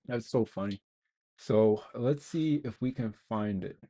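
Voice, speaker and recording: A man's voice: fairly low pitch, measured pace, mellow. A young man streaming live as a game developer, rambling and joking at himself while he codes. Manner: rambling, self-mocking, talks to himself while coding. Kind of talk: casual live-stream coding chat.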